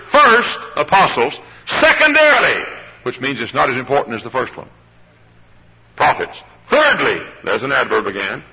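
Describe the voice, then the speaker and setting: Man, pastor, live church sermon, raspy voice, lively pitch. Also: highs cut off. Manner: animated preaching with congregation call-and-response. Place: church service.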